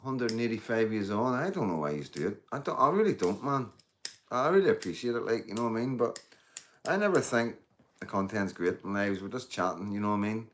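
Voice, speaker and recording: A middle-aged livestream host chats with his viewers in a fairly low, expressive voice, fairly quick, over slight background noise. He wanders from topic to topic, swears freely and says mate and guys.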